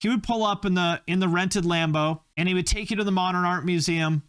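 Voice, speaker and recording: A man's voice: high voice, brisk, a bit bright, clean tone, no room sound, clean studio sound. A man hosting a YouTube channel, rambling through a joking, casual commentary full of tangents. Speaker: YouTube host.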